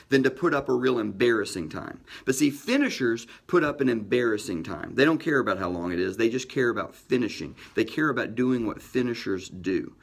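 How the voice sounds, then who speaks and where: A middle-aged man hosting a motivational podcast, telling a personal story with energy and emphatic shifts in pitch and pace.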